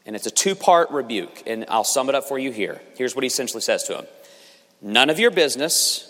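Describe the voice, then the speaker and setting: A man's voice: sing-song, quick pace, fairly bright tone. Preaching man in a reverberant hall. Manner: earnest preaching, rising in pitch and force for emphasis, with repeated restarts. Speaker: pastor. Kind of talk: sermon. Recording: long reverb of a large hall.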